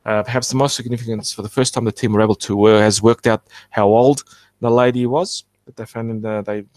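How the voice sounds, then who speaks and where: A man hosting an archaeology channel, talking through fossil features in a rambling, halting, self-correcting way. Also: fairly low pitch, steady tone, darkish tone, dry recording. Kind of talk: casual explanatory commentary.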